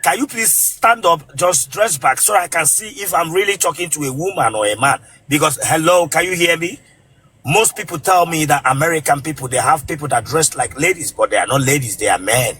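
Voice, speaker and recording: A man with a Nigerian accent whose first language is Igbo, hosting a comic live stream in a blunt, teasing way and breaking into shouts. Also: fairly high pitch, expressive, a little fast, slight background noise. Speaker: comedian host of a live stream.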